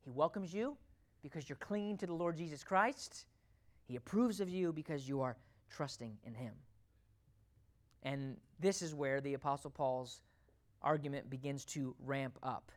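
A pastor preaching a sermon to a congregation, emphatic, asking rhetorical questions and swinging between loud and quiet delivery. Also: mid-range voice, moderate pace.

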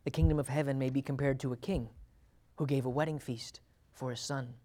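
A man's voice: mid-range voice, steady tone, a little fast, mellow. A man teaching a Bible sermon in a conversational way, laughing often and acting out quotes with a lifted voice. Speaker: preacher.

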